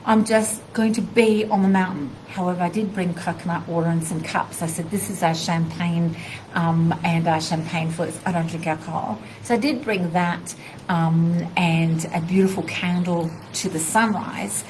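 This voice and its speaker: A woman, a spiritual teacher, telling a personal story in a live video, animated and heartfelt, acting out bits of dialogue. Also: fairly low pitch, moderate pace, slight background noise, poor audio.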